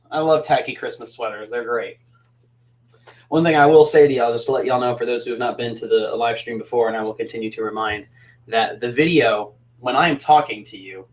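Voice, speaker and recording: A young man from Alabama, hosting a casual, upbeat and jokey live stream chat as a singer. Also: mid-range voice. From Alabama, USA.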